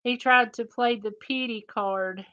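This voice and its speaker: A woman's voice: fairly high pitch, steady tone, measured pace, pushed and bright, muffled recording. A woman, co-hosting a homestead livestream, chatting casually and reading out viewer comments with frequent laughter. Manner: folksy, laughs often.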